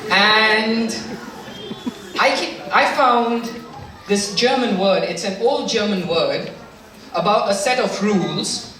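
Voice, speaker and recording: Man comic, slow, on an echoey stage. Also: high-pitched. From India. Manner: animated, shifts into mock German voices for punchlines. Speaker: stand-up comedian. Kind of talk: stand-up comedy set. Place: stage before a live audience. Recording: echoey hall mic from far off, crowd laughter and hum.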